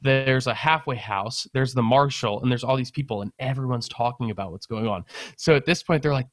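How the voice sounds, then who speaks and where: A young man casually telling a long story on a podcast, animated, swearing and laughing as he goes. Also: mid-range voice, brisk, dry recording. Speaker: podcast co-host.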